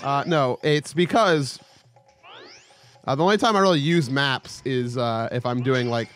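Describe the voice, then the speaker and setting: A man's voice: medium pitch, a little slow, faint music behind. A young man casually commentating his gameplay, joking and yelping at sudden moments. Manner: excitable, joking, with sudden yelps. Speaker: let's play host.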